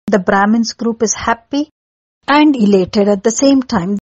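Woman telling an old epic story, chatty, explains stuff with everyday examples, slightly high voice, dry dull sound. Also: measured pace, darkish tone, dry recording. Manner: chatty, explains with everyday comparisons and acted cries. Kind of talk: casual storytelling narration for children.

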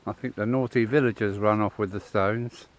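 A middle-aged man who drives trucks and vlogs his travels talks casually to camera outside, next to a roadside and an old wall. He speaks at a normal speed in a steady, lowish voice, rambling as he goes.

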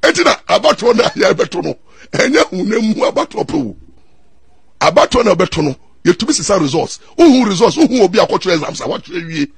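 A middle-aged Ghanaian man and lawyer, telling stories in an excitable way, mixing Twi and English and repeating his words. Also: high-pitched, fairly quick, vocal fry, slightly rough, dry recording. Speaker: lawyer and commentator. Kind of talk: animated storytelling talk.

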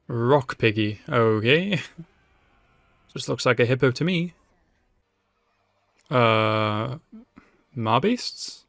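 Slow-talking man reacting to anime. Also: medium pitch, expressive, fairly bright tone, no echo, clean studio sound. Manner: emotional, swears freely, talks back to the screen. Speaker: anime reaction channel host. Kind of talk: live reaction commentary.

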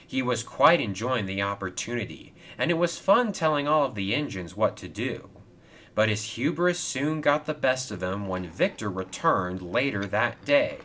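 A man narrating a toy train story in a lively storytelling manner. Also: mid-range voice, normal speed.

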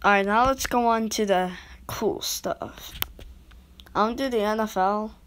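In her laid-back video rating goal horns, this creator addresses viewers head-on, wandering off topic and interrupting her own thoughts. She speaks in a mid-range voice at a measured pace.

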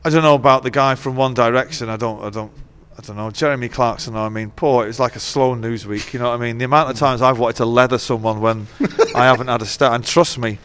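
Middle-aged guy, dry jokey storyteller, swears a lot, laughs mid-sentence, average-pitched voice, long echo tail on it like a big room. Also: steady tone, quick pace, hardly any pauses, a bit bright, clean tone. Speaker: interview guest, musician. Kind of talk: casual chat. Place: venue dressing room. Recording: long hall reverb.

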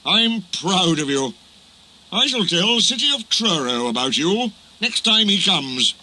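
A man voicing a kindly, authoritative male railway boss with a measured, impressive manner. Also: high voice, expressive, breathy edge, voice pushed up, heavily acted, poor audio. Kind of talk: storybook reading. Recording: loud music underneath.

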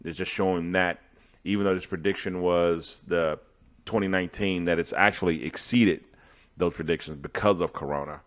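A man's voice: low voice, fairly even intonation, normal speed. An American man coaching food truck owners, presenting business tips over charts in an upbeat, motivational way and talking straight to his viewers.

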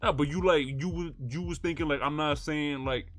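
A man's voice: fairly high pitch, steady tone, normal speed, a bit bright. An American man streaming a roleplay game, chatting casually with heavy slang and a lot of swearing. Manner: slangy, swears a lot, asks many questions.

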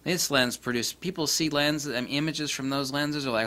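A man ranting casually about camera lenses, blunt, profane and mocking, with big swings in pitch and loudness. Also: brisk, few pauses. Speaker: camera lens reviewer. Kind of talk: casual opinionated rant.

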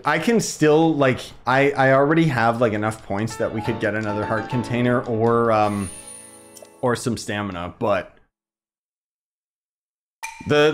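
A young man giving rambling let's-play commentary as he plays a video game. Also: medium pitch. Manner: chatty, rambling with fillers. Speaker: gaming streamer.

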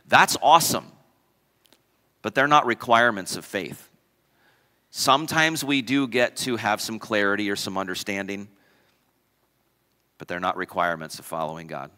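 In a church sanctuary, a pastor preaches emphatically in a medium-pitched, bright, forceful voice, repeating key phrases and putting questions to the congregation. The sound is that of a big room.

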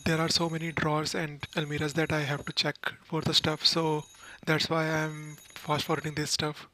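A man's voice: on the high side, pushed and bright, a little hiss or hum, poor audio. A man casually commenting on a game walkthrough, explaining each step plainly. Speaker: gaming channel host.

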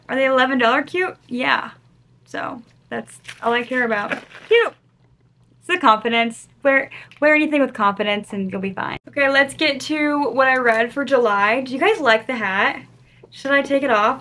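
A young woman chatting casually as she unboxes gifts, gushing and excitable. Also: a little high, moderate pace. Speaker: book vlogger.

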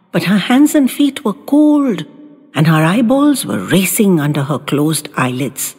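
A woman telling a family story in an animated, expressive way. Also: deep voice, husky. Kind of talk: storytelling narration. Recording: echoey room with long reverb.

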